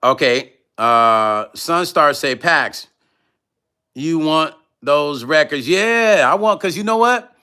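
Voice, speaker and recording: Speaking slowly with a slightly high, clean voice, this middle-aged man reads chat aloud during a casual music livestream. His manner is easygoing and rambling, full of laughter and wandering tangents.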